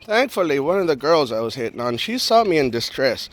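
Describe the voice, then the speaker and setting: A man vlogging, telling a personal story in a joking, animated way and acting out the people in it. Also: on the high side, a little fast. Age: adult with a young daughter. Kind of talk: casual storytelling to camera.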